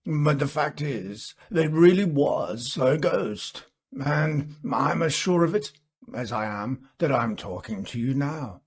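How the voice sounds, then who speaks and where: A man voicing an earnest gentleman telling his friends about a ghost, in a musing, hesitant way with many fillers. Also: medium pitch, animated, slow, husky. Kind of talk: storybook reading.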